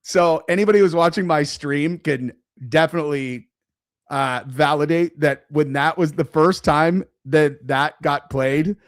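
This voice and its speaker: A man live-streaming commentary in a rambling, animated, sarcastic way. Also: a little high, a little slow, no room sound, clean studio sound.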